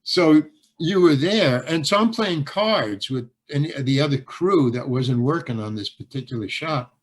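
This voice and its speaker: Older guy, comic and actor, rambling through a set story, kinda high voice, acts out all the dialogue. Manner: animated anecdote-telling, acting out both sides of quoted dialogue; halting, repeats words when restarting. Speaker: guest actor and stand-up comedian. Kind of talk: storytelling in a podcast interview.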